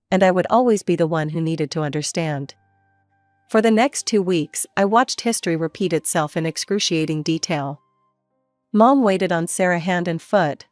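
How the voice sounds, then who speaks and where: A woman narrating a first-person family story in a steady, plain way. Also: lowish voice, no echo, studio quality.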